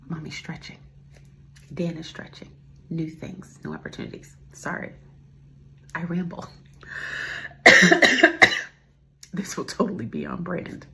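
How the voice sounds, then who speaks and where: Woman in her forties, low gravelly voice, rambling heartfelt podcast talk, slips into whispers, faint hiss. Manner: rambling, heartfelt, drops to a whisper at tender moments. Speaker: podcast host. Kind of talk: casual personal monologue.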